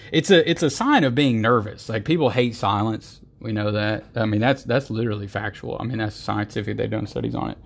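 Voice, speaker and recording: A man hosting a podcast who rants in an emphatic, exasperated monologue. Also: mid-range voice. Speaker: podcast host. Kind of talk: ranting monologue.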